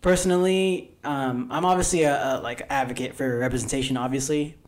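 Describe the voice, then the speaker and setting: A man's voice: medium pitch, a little fast. Young guy hosting a podcast, laid back, earnest, lots of likes. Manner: relaxed, earnest, filler-heavy. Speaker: podcast host. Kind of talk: casual chat.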